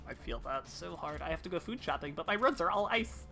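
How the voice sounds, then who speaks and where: A woman streamer who talks to her chat in a loose, playful, self-mocking way. Her voice is bright and clear, with faint game music underneath. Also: lowish voice, animated, a little fast. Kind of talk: casual live-stream chat.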